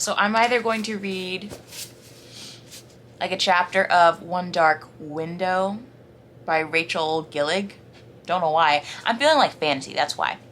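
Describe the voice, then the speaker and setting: A woman's voice: lowish voice, a little hiss or hum. A young woman from the American South chatting casually in a reading vlog, rambling with lots of fillers. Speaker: book vlogger.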